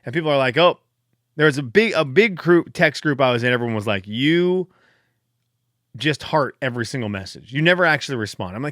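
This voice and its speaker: A man's voice: mid-range voice, animated, a little fast, fairly bright tone, no echo, clean studio sound. A man hosting a solo podcast, chatting casually in a rambling, self-deprecating way, fired up late at night. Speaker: podcast host.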